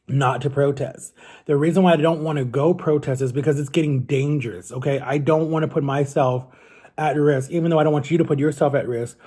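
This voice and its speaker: A young man speaks in a husky, slightly rough voice with a soft, mellow tone. He talks casually and earnestly to his camera at home. His sentences ramble and restart as he works through his thoughts. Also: on the high side, fairly even intonation, fairly quick. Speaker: vlogger.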